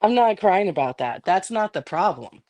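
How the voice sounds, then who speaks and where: A woman's voice: mid-range voice, lively intonation, moderate pace, a little mellow. A middle-aged woman on a livestream, ranting angrily and defiantly with constant swearing. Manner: angry, defiant, profane. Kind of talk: heated livestream rant.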